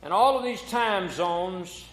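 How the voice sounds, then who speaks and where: A man's voice: high voice, animated, takes it slowly, fairly bright tone. A man preaching a folksy sermon as pastor, telling a corny joke before turning to scripture. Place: church sanctuary. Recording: echoey church hall.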